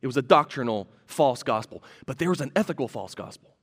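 A man's voice: medium pitch, animated, fairly quick, a bit bright, long reverb tail. A man preaching a sermon as pastor, teaching earnestly and repeating key phrases for emphasis.

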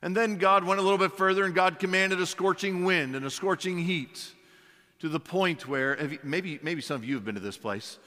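A man's voice: high voice, a little fast, sharp tone. A man preaching a sermon as pastor, emphatic, with many rhetorical questions and repeated words. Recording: long hall reverb.

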